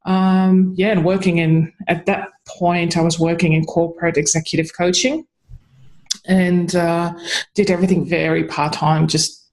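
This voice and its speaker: A woman tells a personal story on a podcast interview. She speaks in an animated, conversational way and laughs often as she goes. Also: lowish voice, normal speed, poor audio. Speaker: podcast guest.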